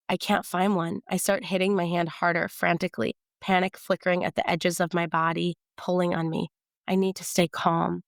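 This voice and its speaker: A woman reading her novel aloud in the first person, in a measured, tense storytelling manner. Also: fairly low pitch, little pitch movement, vocal fry, dry recording, clean studio sound.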